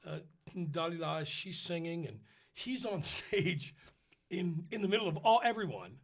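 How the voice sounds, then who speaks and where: A man, an opera singer, telling a funny backstage story in casual chat, animated and laughing as he goes. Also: on the high side, measured pace.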